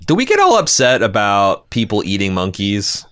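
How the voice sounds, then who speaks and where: A man with a very low voice and a bright, forceful tone chats loosely on a podcast, rambling with fillers and restarts. The sound is dry and close. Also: huge pitch swings, normal speed, smooth, no echo. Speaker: podcast co-host. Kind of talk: casual recap chat.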